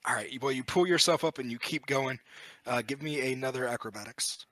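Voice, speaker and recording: A man narrating as game master of a tabletop role-playing game, describing scenes in a relaxed, good-humored way. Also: mid-range voice, fairly quick, no echo.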